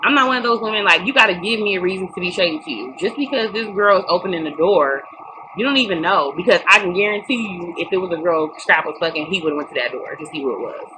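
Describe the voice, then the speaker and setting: Brief: young woman, lower-pitched, blunt and cussing vlogger, recording with steady noise behind. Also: fast talker. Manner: blunt, profane, emphatic. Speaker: reality TV recap vlogger. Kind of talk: casual opinionated recap. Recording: noticeable background noise.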